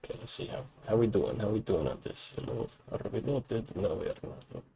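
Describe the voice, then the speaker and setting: A man's voice: fairly low pitch, expressive, fairly quick, creaky, a little hiss or hum, poor audio. A man role-playing a national leader on a live stream, greeting his counterpart as "my friend" before muttering while he plays. Faint keyboard typing runs behind him. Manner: shifts into a mock diplomat voice, repeats "my friend". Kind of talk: live-streamed political role-play game.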